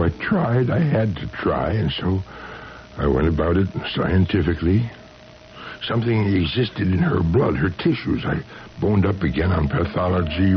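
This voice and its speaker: An actor in his sixties playing a desperate, lovesick chemical engineer husband in a 1970s radio drama. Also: sits low. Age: 60s. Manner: desperate, emotional. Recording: dull old radio broadcast.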